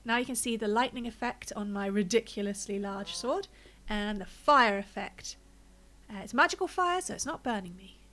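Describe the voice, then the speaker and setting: A woman with a medium-pitched, pushed and bright voice talks at a moderate pace while streaming a game. She chats casually and thinks aloud, narrating her own choices as she plays, sounding a little out of breath and stuffed up.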